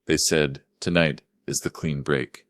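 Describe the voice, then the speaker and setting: A scared, tearful young woman murmurs an urgent warning in a storybook drama, as a deep-voiced male narrator puts her on. The sound is dry and close, with no room around it. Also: steady tone, a little slow, fairly bright tone, no echo. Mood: frightened. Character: frightened young woman staff member, tearful.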